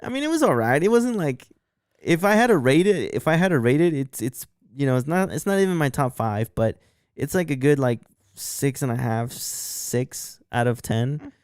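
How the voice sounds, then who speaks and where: A podcast co-host with a mid-range, darkish voice and lively intonation speaks at normal speed in a studio-quality recording with no room sound. In casual, profane chat, he rambles through a long story and acts out what other people said.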